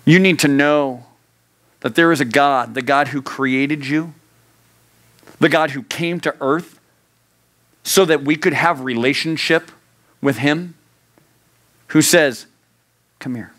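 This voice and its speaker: An earnest male youth preacher who drives his points home through repetition. He climbs into urgent emphasis, then drops to a hushed, close tone. His delivery stays direct and personal throughout. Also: fairly high pitch, slow, pauses often. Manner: earnest, swings from raised urgency to hushed intimacy; repeats phrases for emphasis. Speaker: youth pastor. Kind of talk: sermon.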